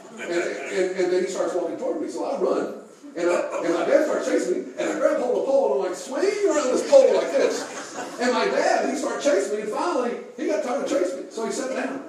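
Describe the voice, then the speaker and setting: A man's voice: extremely high pitch, lively intonation, fast talker, a crowd in the background. A male pastor preaching a sermon, telling folksy stories with chuckles and asking the congregation questions. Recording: echoey room, mic far off.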